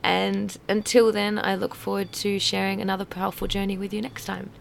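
A woman hosting a casual podcast interview, hoarse from a cold, with a husky voice and an effusive manner. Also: mid-range voice, flat delivery, a little fast, a little hiss or hum. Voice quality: husky, gravelly voice. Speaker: podcast host.

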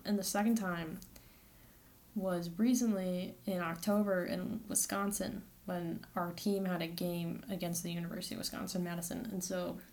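A woman's voice: on the low side, creaky. Chatty young woman rambling casually. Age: young adult. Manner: chatty, rambling, with many "like" fillers and self-corrections. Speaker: college student podcaster. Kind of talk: casual solo podcast monologue.

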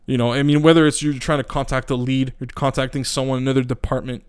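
A man's voice: medium pitch, little pitch movement, quick pace, clear, resonant tone. A man podcasting into a microphone, ranting in a casual, profane, blunt and rambling way with many restarts.

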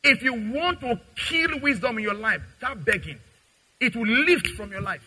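A man preaching a lively sermon, acting out little scenes between parents and children and customers. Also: extremely high pitch, moderate pace, breathy edge, poor audio. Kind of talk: sermon with acted dialogue.

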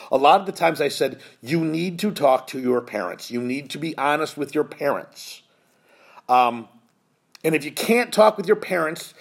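A man in his fifties, medium-pitched, hosts a podcast and recounts an emotional personal story. His telling is earnest and heartfelt, turning choked up at times.

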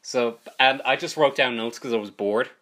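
A man's voice: medium pitch, normal speed, bright, forceful tone. Male podcast co-host with a mid-range voice and a playful, jokey delivery. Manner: joking, playful interjections. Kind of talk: casual movie-review banter.

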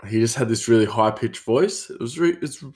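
A man's voice: medium pitch, fairly quick. A man with an Australian accent, rambling through a casual story as host of his own show. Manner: rambling, animated storytelling with many fillers. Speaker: podcast host, chef.

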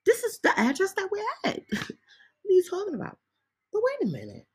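Woman mimicking a shrill, flustered cop. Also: huge pitch swings, brisk, darkish tone, exaggerated voice. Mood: mock surprise. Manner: mocking, high-pitched exclaiming.

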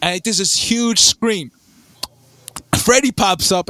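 Young man, high-pitched, dry mic, casual chat, stammering restarts, excitable. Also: moderate pace, no echo. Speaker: podcast co-host.

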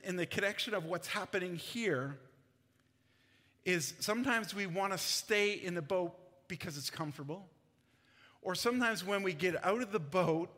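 A man's voice: fairly high pitch, bright, forceful tone. A man preaching a conversational sermon as pastor, laughing often between his points. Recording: long hall reverb.

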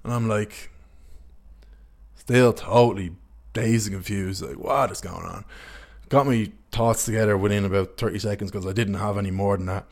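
A man's voice: lowish voice, level tone, normal speed, darkish tone. Sweary young man telling stories. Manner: candid, sweary, rambling anecdotes. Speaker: podcast host. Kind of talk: casual storytelling chat.

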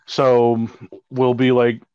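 A man's voice: mid-range voice, completely flat delivery, takes it slowly, dark tone, clean tone, no echo. A man in casual chat, rambling and exasperated as he tells a story, swearing freely. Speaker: co-host telling a work story. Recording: dry, slightly dull recording.

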